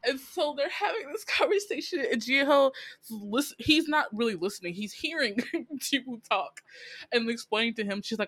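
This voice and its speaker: A woman's voice: on the high side, moderate pace, dry recording. A woman in a casual chat, recapping a drama with laughter and acting out the characters' lines. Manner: chatty, animated, laughs often, acts out characters' lines. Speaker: podcast co-host.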